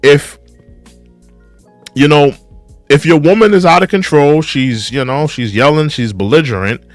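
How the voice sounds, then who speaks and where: A man's voice: on the high side, measured pace, dry recording, soft background music. A young man hosting a reaction video, casually commenting on a clip, repeating rhetorical questions and reading viewer comments aloud. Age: young adult.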